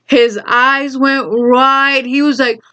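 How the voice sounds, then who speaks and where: A woman telling a story from her school days in a casual, rambling way, repeating herself and adding animated asides. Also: high voice, takes it slowly, clean tone, muffled recording. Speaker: storyteller vlogger.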